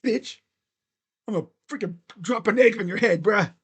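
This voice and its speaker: A cocky cartoon dinosaur spits crude trash talk in a high, pushed voice, as a man puts it on. It is brash and mocking, and pitched well above an ordinary speaking voice. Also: moderate pace, fairly bright tone, slightly rough. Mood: taunting. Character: brash trash-talking male Yoshi dinosaur.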